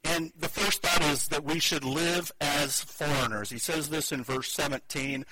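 A man's voice: on the high side, steady tone, unhurried. A male pastor preaching a sermon in a conversational, practical way, on a noisy live church mic.

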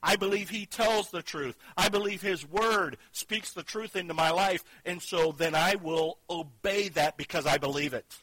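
A man preaching a sermon, earnest, moving between loud emphatic lines and quiet hushed ones. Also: high-pitched, moderate pace, few pauses, dry recording, low-quality recording. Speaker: pastor.

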